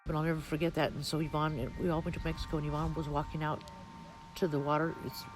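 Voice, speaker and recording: A woman's voice: sits low, fast, low-quality recording. A woman rattles through a childhood story at speed, acting out every line of dialogue with energy. Faint music plays behind her. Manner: lively, acts out quotes, swears casually. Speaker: interviewee, family member. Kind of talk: animated storytelling.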